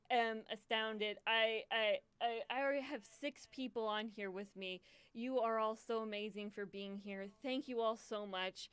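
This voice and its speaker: A woman's voice: mid-range voice, a bit bright, clean tone, no echo. A young woman hosting a charity livestream, emotional and choked up, stammering and repeating herself as she talks casually to her viewers. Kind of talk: casual live stream chat.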